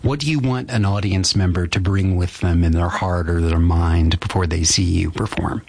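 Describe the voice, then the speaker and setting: Calm male radio host, husky low voice, dry close sound. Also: normal speed, dry recording. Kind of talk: radio interview and announcements.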